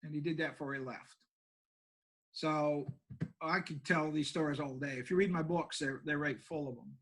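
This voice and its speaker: Older man, country pastor, folksy plainspoken storyteller, self-deprecating, high-pitched, bright tone. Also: fairly even intonation, normal speed, low-quality recording. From Maine, USA. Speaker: pastor and homeless shelter director.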